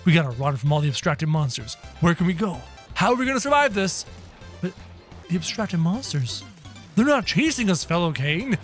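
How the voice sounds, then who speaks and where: A man giving excited, energetic commentary over his game, talking straight to his viewers. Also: high voice, moderate pace, soft background music. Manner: energetic, talks to viewers as "guys". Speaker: gaming video creator.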